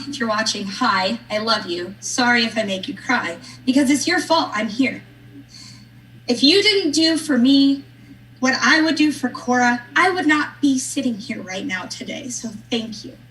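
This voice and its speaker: A woman's voice: on the high side, a bit bright, distant mic, a little hiss or hum, low-quality recording. A woman in her thirties, a political candidate, giving an earnest, personal speech on a live stream with a touch of humor. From Nebraska. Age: 30s. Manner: earnest, personal, lightly joking.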